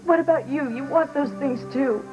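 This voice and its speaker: A woman's voice: high-pitched, muffled recording, music in the background, lightly acted. Actress playing a tearful remorseful young mother. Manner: tearful, halting and pleading. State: near tears. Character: remorseful young mother confessing to her former love. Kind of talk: daytime soap opera acting.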